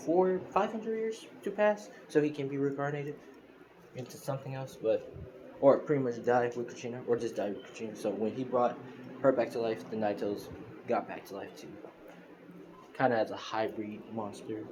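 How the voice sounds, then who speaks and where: A man's voice: medium pitch, normal speed, noisy background. A young man casually retelling a fan story over a phone recording, rambling with lots of fillers and self-corrections. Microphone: phone screen recorder.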